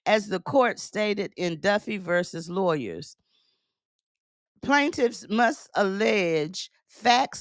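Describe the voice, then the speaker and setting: A woman's voice: mid-range voice, dry recording, studio quality. A woman news commentator reading aloud from a court order and breaking in with emphatic remarks, repeating phrases as she goes.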